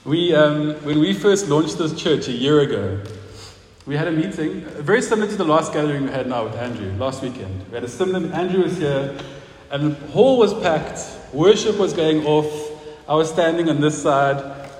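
Male pastor, high voice, conversational sermon, reverberant hall with faint hiss. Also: animated, normal speed, a little mellow. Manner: conversational, asks the congregation questions, laughs at own stories. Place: church hall. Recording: roomy hall with long reverb, faint noise.

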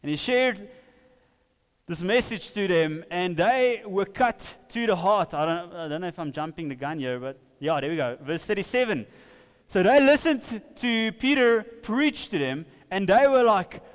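A man's voice: high-pitched, expressive, normal speed, clean tone, big-room sound. A man preaching a sermon in a casual, conversational way, often acting out what people said.

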